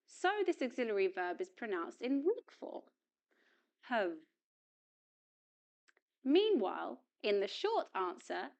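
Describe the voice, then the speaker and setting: Woman teacher doing a pronunciation lesson, slow and careful, bit high, voice bounces up and down a lot. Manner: slow, careful, exaggerated stress for modeling. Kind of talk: scripted instructional narration.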